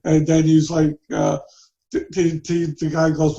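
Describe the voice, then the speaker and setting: A middle-aged man co-hosting a casual chat about films, relaxed and halting, often chiming in with short replies. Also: fairly high pitch, lo-fi sound. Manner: relaxed, halting, chimes in briefly. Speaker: podcast co-host.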